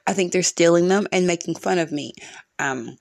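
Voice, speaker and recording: A woman's voice: on the low side, normal speed, vocal fry, darkish tone, dry recording, studio quality. A woman hosting her own solo podcast from her room at home, venting bluntly and cursing often in a frustrated rant. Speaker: podcast host.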